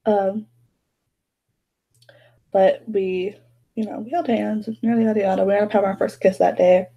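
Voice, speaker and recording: A woman's voice: medium pitch, fairly even intonation, moderate pace, lo-fi sound. A young woman chatting casually while doing her makeup at home, rambling with lots of fillers. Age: young adult. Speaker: beauty vlogger. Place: bedroom at home.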